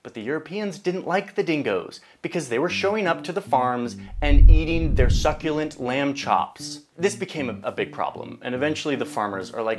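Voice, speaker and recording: A woman's voice: very deep voice, normal speed, few pauses, crowd noise. A woman host giving a casual, jokey educational narration with chatty asides. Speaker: video essay host. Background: background music.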